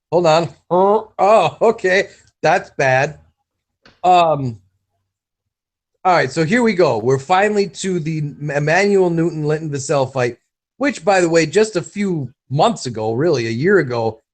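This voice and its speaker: A man co-hosting a live fight watch-along, commenting casually and teasing his co-hosts with crude banter. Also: on the high side. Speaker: podcast co-host.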